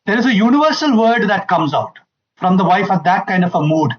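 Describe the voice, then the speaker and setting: A man's voice: high-pitched, very animated, brisk, lo-fi sound. A man giving an emphatic public talk to an audience, repeating key phrases and acting out quoted lines. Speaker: family seminar speaker.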